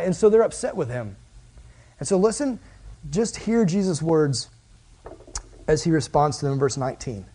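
A young man preaching a casual, storytelling sermon, animated and jokey, acting out the voices of the people in his stories. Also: fairly high pitch, normal speed, pauses often.

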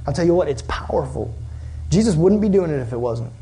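A man's voice: a little high, fairly quick. A young man preaching a casual youth sermon, telling stories animatedly with lots of "like" fillers. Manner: animated storytelling, many "like" fillers. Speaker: youth pastor.

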